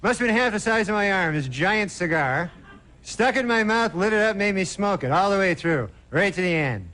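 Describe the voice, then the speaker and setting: A man doing a stand-up comedy routine on a late-night TV stage, deadpan and rambling, full of "you know" fillers. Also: high voice, brisk. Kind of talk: stand-up monologue. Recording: noisy 1990 TV broadcast audio.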